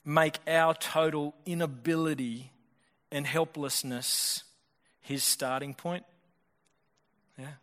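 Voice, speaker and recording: A male pastor preaching a sermon in a fast, conversational way, often restarting his sentences. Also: on the high side, a bit bright. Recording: long hall reverb.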